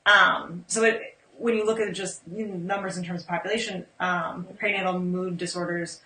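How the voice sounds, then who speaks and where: A woman's voice: lowish voice, moderate pace, slight background noise. Woman in an echoey room, distant mic. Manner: relaxed, informative, many ums. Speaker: postpartum care educator, guest. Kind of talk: casual interview.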